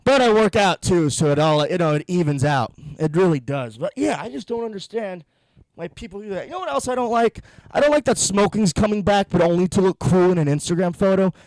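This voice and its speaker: A man's voice: sits high, animated, fairly quick, darkish tone, dry recording. A young man ranting through a profane, sarcastic comedy monologue, a little out of breath from pacing. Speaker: podcast host.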